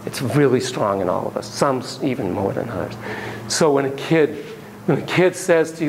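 A man's voice: mid-range voice, normal speed, poor audio. A man lecturing a class on child psychology, his voice bouncing through a wide melodic range. He talks casually and cracks jokes, breaking into little acted-out examples as he goes. A faint hiss sits behind him. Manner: animated, jokey, acts out examples.

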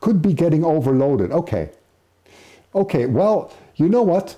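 Announcing poll results on his live stream, a host chats casually, teases himself and laughs frequently. He speaks unhurriedly in a sing-song way, his slightly high voice carrying a dark tone.

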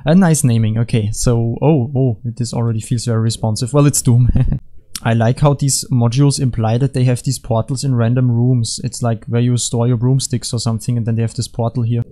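A man's voice: mid-range voice, fairly even intonation, fairly quick, mellow. A young man giving rambling, jokey commentary on custom game maps, often correcting himself mid-sentence. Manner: rambling, jokey, self-correcting, puts on silly voices. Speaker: gaming YouTuber. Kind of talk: casual gameplay commentary.

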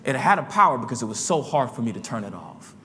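A man preaching a sermon in a church, his delivery swinging between quiet murmurs and loud shouts. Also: medium pitch, big pitch swings, fast, big-room sound, slight background noise. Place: church sanctuary.

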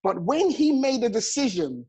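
A man's voice: extremely high pitch, big pitch swings, normal speed, warm tone, husky, low-quality recording. A man in his forties hosting a motivational live chat over a phone, effusive and chuckling often. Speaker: host and network marketing coach.

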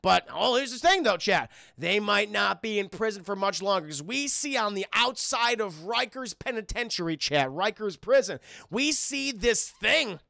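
Gravelly, excitable streamer man. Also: high voice, normal speed, dry recording, clean studio sound. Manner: profane, excitable, talks to chat. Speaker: streamer reviewing a cartoon. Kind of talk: casual commentary to chat.

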